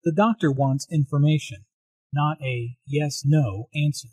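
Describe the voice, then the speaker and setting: Male lesson narrator: slightly high, husky voice, dry studio sound, deliberate explanations. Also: a little mellow, no echo. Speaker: English teacher.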